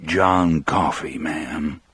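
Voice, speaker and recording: Man doing a gentle giant of a prisoner, Southern accent, soft-spoken, humble, very deep, slow and husky, storybook reading. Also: no room sound, heavily acted. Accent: American Southern. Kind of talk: audiobook character voice.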